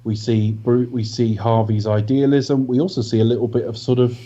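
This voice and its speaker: A man co-hosting a film review podcast, talking in a measured, analytical way. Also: mid-range voice, level tone, dark tone. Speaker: podcast co-host. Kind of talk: casual film review chat. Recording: dull lo-fi audio.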